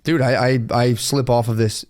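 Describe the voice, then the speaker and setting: A man's voice: medium pitch, steady tone, moderate pace, a little mellow. Male podcast co-host, mid-range voice, casual and profane, rambles with lots of restarts. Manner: rambling, swears freely, quotes himself in other voices.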